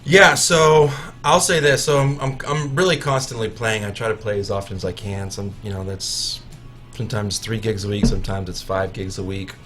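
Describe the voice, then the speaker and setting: A man's voice: fairly low pitch, steady tone, a bit bright, faint music behind. A man, a musician guest on a radio show, chatting casually in a studio, joking about himself and restarting his sentences often. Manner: joking, self-mocking, halting restarts.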